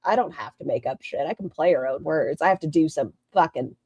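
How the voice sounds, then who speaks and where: A woman's voice: low-pitched, animated, a little fast, a little mellow, husky, no room sound. A woman hosting a live stream, giving blunt, sarcastic reaction commentary and swearing freely.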